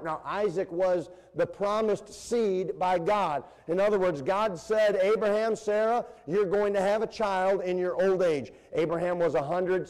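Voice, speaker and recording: A man preaching a sermon to his congregation, animated and engaging them with questions. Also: a little high. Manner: animated preaching with call-and-response and playful voices. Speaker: pastor. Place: church sanctuary. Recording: long reverb of a church hall.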